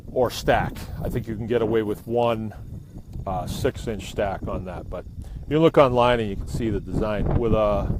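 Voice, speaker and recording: A man's voice: medium pitch, background noise. Easygoing New man outdoors. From New England. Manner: easygoing, rambling, jokey. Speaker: biochar maker streaming live. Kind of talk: casual live-stream demonstration. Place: outdoors beside a burning kiln. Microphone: phone held by the speaker. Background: roar of a fire.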